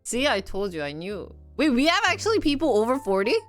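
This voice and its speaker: A woman's voice: on the high side, sing-song, a little fast, faint music behind. A young woman chatting casually on a live stream, giggly and talkative, dropping in Korean words. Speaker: livestreamer.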